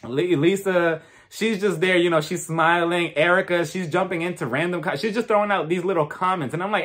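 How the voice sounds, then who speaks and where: A man reviewing a reality TV show in a casual, sassy and gossipy way, animated as he retells what happened. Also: high voice, fairly quick. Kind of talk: casual commentary.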